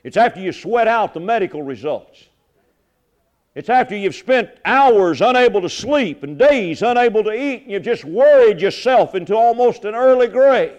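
A middle-aged male pastor delivers a sermon. His voice sits high for a man. He swings between fervent, loud passages and hushed asides, often repeating his words. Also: animated, moderate pace.

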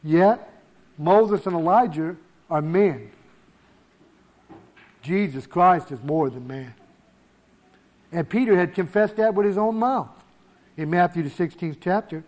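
High-voiced male preacher, emphatic. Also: darkish tone. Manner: emphatic, slowing on key words. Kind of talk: sermon.

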